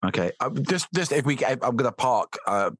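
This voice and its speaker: A man's voice: mid-range voice, animated, moderate pace, a bit bright, no room sound. A man chatting on a podcast, rambling and repeating his words as he gets worked up. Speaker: podcast guest, football fan. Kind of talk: casual podcast chat.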